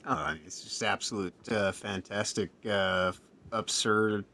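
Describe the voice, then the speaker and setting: Gravelly-voiced man co-hosting. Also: fairly low pitch, a little slow, sharp tone. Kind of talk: casual chat.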